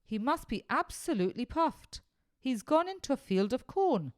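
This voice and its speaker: A woman voicing an eager, brave schoolboy in a storybook reading, talking in a raised, lively voice. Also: high voice, a little slow, clean tone, dry recording, clean studio sound. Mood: excited. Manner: excited, breathless commentary.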